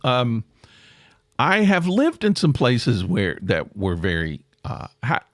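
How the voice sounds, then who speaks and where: Lively rambling male podcast host. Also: a little slow, no echo, studio quality. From American South. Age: middle-aged. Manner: rambling, self-deprecating, jumps in pitch for emphasis. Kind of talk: casual solo podcast chat.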